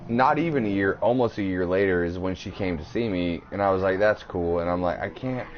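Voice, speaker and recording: A man's voice: sits low, brisk. A man in his thirties co-hosting a podcast, telling a crude, rambling story in casual chat. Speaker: podcast co-host. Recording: slightly dull podcast audio with faint hiss.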